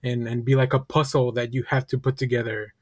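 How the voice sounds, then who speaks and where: A man's voice: mid-range voice, little pitch movement, a little fast, no echo, studio quality. A man co-hosting a podcast, talking loosely and rambling with plenty of fillers. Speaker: podcast co-host. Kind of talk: casual podcast chat.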